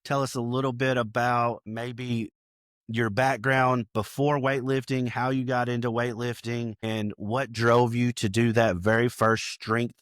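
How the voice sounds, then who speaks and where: A man's voice: medium pitch, little pitch movement, unhurried, fairly bright tone, no room sound, studio quality. A man hosting a podcast, introducing and interviewing a guest in an upbeat, chatty way. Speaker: podcast host.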